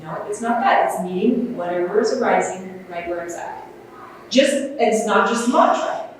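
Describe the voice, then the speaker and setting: Woman presenter, gentle unhurried delivery, heavy room echo, faint ambience. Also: medium pitch, distant mic, slight background noise. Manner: gentle, unhurried, with fillers and restarts. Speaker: conference presenter. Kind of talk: workshop talk on self-compassion. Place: large conference room.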